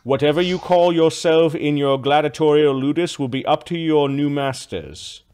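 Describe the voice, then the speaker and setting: A man voicing a stern male official who checks a ledger of names, speaking slowly and coldly. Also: on the high side, darkish tone, clean tone, lightly acted. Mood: officious. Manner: cold, slow and officious.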